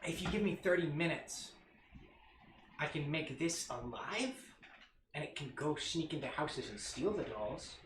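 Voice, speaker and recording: Eager man pitching plans in a game. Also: animated, unhurried, noisy background. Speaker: player. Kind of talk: casual tabletop game chat. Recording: echoey room with music behind.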